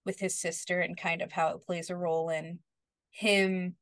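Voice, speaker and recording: A woman co-hosting a podcast casually recaps a TV episode, retelling scenes and quoting the characters along the way. Her voice is on the low side with a level tone, at normal speed and with no echo.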